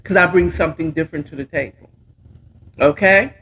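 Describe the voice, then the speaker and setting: A woman's voice: low voice, a little fast, a bit bright, slight background noise. A middle-aged woman giving casual, sassy, playful commentary while reviewing a talk show.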